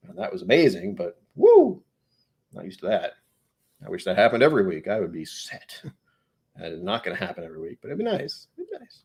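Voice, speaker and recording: Young male livestream host, slightly low voice, loose and jokey, addresses viewers by name. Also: a little mellow. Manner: rambling, jokey, talks to chat viewers by name. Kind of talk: casual live-stream chat reading comments.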